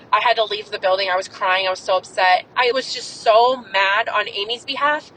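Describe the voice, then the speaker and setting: A woman's voice: medium pitch, fairly even intonation, normal speed, few pauses, pushed and bright, a little hiss or hum, poor audio. Furious, swearing woman podcast host. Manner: angry, profane, emphatic. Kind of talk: impassioned monologue.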